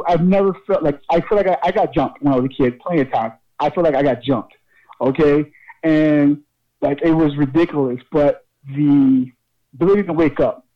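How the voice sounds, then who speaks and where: Excitable wrestler spinning a lively tale. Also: male voice, a little high, dull audio. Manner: swearing, laughing, lively storyteller. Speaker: pro wrestler guest. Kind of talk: casual storytelling interview.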